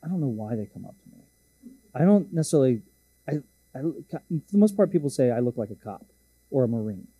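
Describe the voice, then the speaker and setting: A man's voice: mid-range voice, big pitch swings, a little fast, dark tone, husky, dry recording. A man preaching a sermon, telling a story in a casual, joking, self-deprecating way. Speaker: pastor.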